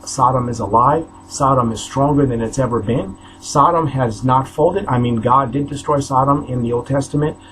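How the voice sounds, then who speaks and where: A man in his forties from New York State preaches a fervent warning to his camera, mid-pitched for a man. His delivery is halting and full of restarts. He hammers single phrases over and over in a preaching cadence. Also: a bit bright, a little hiss or hum, poor audio. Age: 40s. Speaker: self-styled preacher. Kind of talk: impassioned warning sermon to camera.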